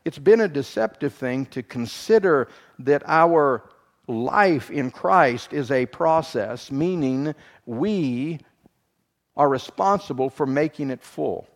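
A man preaching a sermon as pastor, shifting from quiet, slow teaching to loud, quick, humorous asides. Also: medium pitch, lively intonation. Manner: dynamic preaching, swings from soft to loud and fast.

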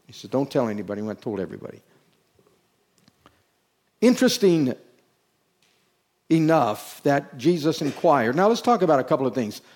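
A man's voice: mid-range voice, very animated, normal speed, long pauses, darkish tone. A man preaching a sermon as pastor, stressing his points by repeating phrases and asking rhetorical questions.

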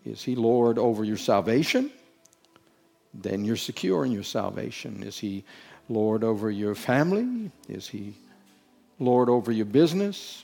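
Emphatic preacher, a man with a mellow voice. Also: medium pitch, gravelly. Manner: emphatic, repeats phrases, rhetorical questions. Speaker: pastor. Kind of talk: sermon.

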